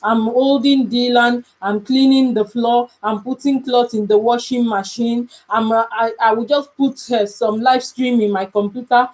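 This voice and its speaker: A woman's voice: a little high, steady tone, normal speed, hardly any pauses, darkish tone, low-quality recording. A young woman with a Nigerian English accent, chatting casually on a live stream as a mother, emphatic and repetitive, often pleading.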